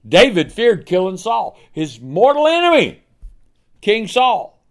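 A man's voice: a little high, very animated, measured pace. A man preaching a sermon. He asks the congregation pointed questions and acts out the figures of scripture. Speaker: pastor.

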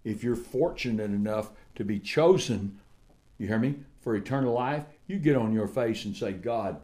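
An older man preaching a sermon in a folksy, emphatic way, swinging from loud declaiming to quiet asides, with drawn-out repeated phrases and stammered restarts. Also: mid-range voice.

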